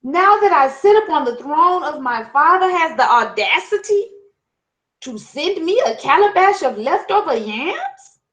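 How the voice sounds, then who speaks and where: A woman's voice: sits high, very animated, a little slow, hardly any pauses, fairly bright tone, voice pushed up, heavily acted, low-quality recording. A woman voicing a proud young male king who is haughty and outraged, in a told folktale. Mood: indignant.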